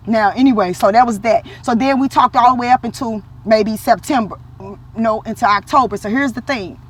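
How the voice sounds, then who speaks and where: Speaking in a fairly high pitch with a breathy edge, a female vlogger relates her own faith story casually. Her religious talk is animated, and she voices the quotes with liveliness.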